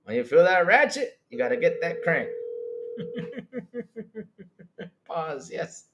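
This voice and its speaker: In a roomy, echoing space, a man hosts a casual live-stream reaction, chatting straight to his audience while giggling, cursing, and breaking into laughter nonstop. His voice is on the high side and slow, his manner animated and excitable, and the recording is very noisy.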